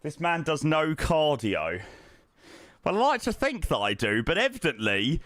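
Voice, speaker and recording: A young man chats on a live stream from home, self-deprecating and friendly as he thanks viewers. His pitch moves around a lot in a lively way, and his voice is close and dry. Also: measured pace, no room sound. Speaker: flight simulator streamer. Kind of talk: casual live-stream chat.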